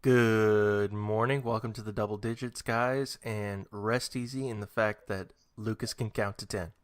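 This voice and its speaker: A man's voice: on the low side, fairly even intonation, a little slow. A man co-hosting a casual podcast, chiming in with teasing, wry one-liners. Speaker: podcast co-host.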